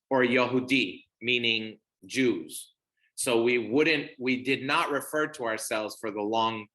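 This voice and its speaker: A man's voice: on the low side, pushed and bright, rough recording. A young man giving a casual online presentation, explaining words and customs patiently with frequent fillers and restarts.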